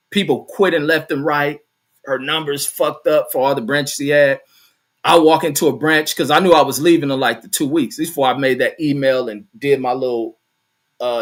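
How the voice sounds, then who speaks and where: A middle-aged man tells a story from his old job in loose, profane, animated talk, stopping now and then to read viewer comments aloud. His voice sits a little high for a man. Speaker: host. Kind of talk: casual storytelling.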